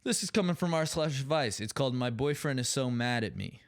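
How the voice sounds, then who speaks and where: A man's voice: mid-range voice, expressive, a little fast. A young man hosting a solo comedy podcast, ranting sarcastically with plenty of swearing. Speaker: podcast host.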